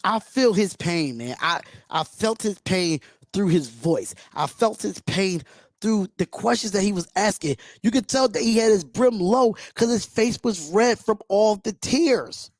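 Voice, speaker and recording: On an emotional fan reaction livestream, the host talks with passion and bluntness, swearing freely. His high-pitched voice has lively intonation and a slightly slow pace, and the recording is dry and studio quality.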